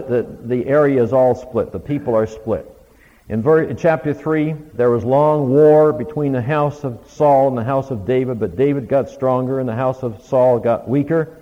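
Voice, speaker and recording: A Bible teacher with a medium-pitched, dark-toned voice gives a conversational lecture, retelling scripture stories with quoted lines of dialogue. The recording is lo-fi, with a long hall reverb.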